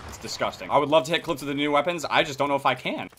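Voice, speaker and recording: Hoarse young guy yelling and cussing over a shooter game, voice jumping up and down a ton. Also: fairly high pitch, racing, a little hiss or hum. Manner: excitable, swears a lot, sudden shouting outbursts. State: hoarse, scratchy throat. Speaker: gaming video creator. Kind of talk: live gameplay commentary.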